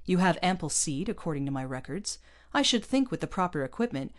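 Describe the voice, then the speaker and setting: A woman's voice: on the low side, very animated, brisk. A woman voicing a stern, arrogant male space captain who speaks in a cold, condescending way in a storybook reading. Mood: lecturing.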